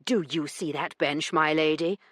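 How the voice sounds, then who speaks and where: A woman doing Corbin, a stern sarcastic gentleman. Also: deep voice, fairly even intonation, moderate pace, no echo. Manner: lecturing, dry sarcasm. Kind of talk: audiobook character reading.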